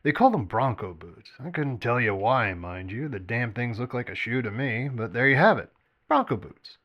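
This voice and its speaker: A man voicing Old Man Tweedle, raspy and sly. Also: medium pitch, lively intonation, normal speed, muffled recording, lightly acted. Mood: rambling, amused. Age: older. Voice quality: smooth yet raspy. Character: smooth, raspy old man, cigar-smoking barfly, sly and crude.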